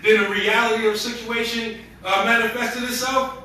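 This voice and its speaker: Male imam, casual storytelling sermon with slang; bright, high voice, roomy hall. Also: flat delivery, moderate pace, distant mic, slight background noise. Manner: storytelling, conversational with street slang. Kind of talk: Ramadan sermon.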